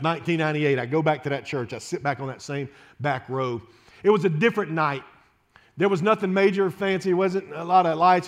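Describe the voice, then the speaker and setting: A man, preaching an impassioned, pleading sermon full of repeated phrases and restarts. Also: fairly high pitch. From Louisiana, USA. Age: 30s. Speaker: pastor.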